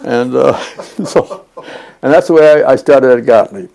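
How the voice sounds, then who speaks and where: An older man being interviewed for an oral history recounts his past in a rambling, chatty way full of fillers. His medium-pitched voice is unhurried, creaky, and mellow.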